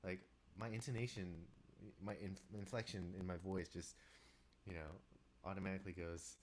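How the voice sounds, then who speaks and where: A man's voice: fairly even intonation, moderate pace, a little hiss or hum. A man with a stuffy nose, chatting to viewers in a live stream as he composes, rambling and distracted. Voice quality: deepened, congested voice. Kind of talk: casual live-stream chat while working.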